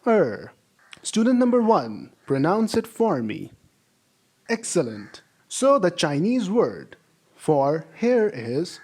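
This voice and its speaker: Guy teaching a language lesson, slow and drawn out, lots of encouragement. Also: high-pitched, sing-song, darkish tone, husky. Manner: slow, drawn-out model sentences for repetition; encouraging, praises imagined students. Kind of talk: classroom-style language lesson.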